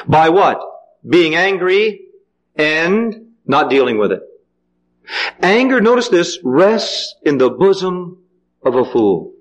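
High-voiced preacher quizzing the congregation. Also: male voice, sing-song, slow pace, pauses often, rough recording. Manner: call-and-response questions to congregation; dramatic swings in pitch and pace. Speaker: pastor. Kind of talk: sermon.

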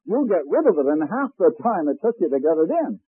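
A man teaching a class on preaching, talking slowly and deliberately and demonstrating breathing as he explains. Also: a little high, sing-song, slightly rough, no echo. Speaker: preaching instructor. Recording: tinny, phone-like old recording.

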